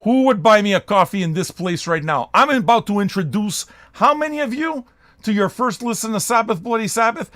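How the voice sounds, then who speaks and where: An older man with a fairly high voice that leaps up and down as he rambles, loud and profane. He talks straight into a close mic in a dry basement room with no echo. It sounds like a casual host ranting to a live audience. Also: expressive, fairly quick. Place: home basement.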